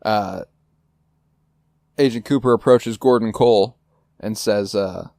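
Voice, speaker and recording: A man's voice: fairly low pitch, slow, gravelly, a little mellow, no room sound, clean studio sound. A man co-hosting a podcast in casual chat, recapping scenes with loose, sweary enthusiasm. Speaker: podcast host.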